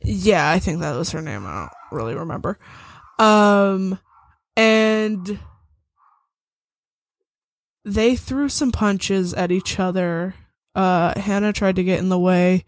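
A hungover young man in a tabletop game, dragged out of sleep and answering in a flat, half-awake mumble, as a woman game master plays him. He speaks slowly and curtly, with little life in his voice. The sound is close and dry. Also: medium pitch, no room sound.

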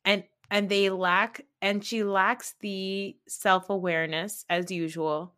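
A woman's voice: mid-range voice, steady tone, takes it slowly, a bit bright. A woman co-hosting a casual reality TV recap podcast, gossipy and blunt, swearing freely as she talks. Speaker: podcast co-host.

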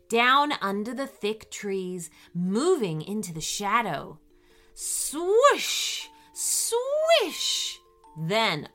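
A woman narrating a children's bedtime story with an animated, expressive delivery. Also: mid-range voice.

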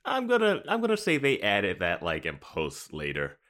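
A man's voice: lowish voice, wildly swooping pitch, moderate pace, a bit bright. A man co-hosting a podcast in casual chat, easygoing and laughing often. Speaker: podcast co-host.

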